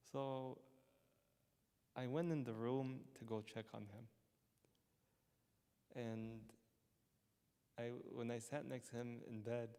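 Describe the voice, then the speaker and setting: A priest giving a conversational sermon built on personal stories, with frequent stammering restarts and chuckles. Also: male voice, mid-range voice, darkish tone. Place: church hall. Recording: long church-hall reverb.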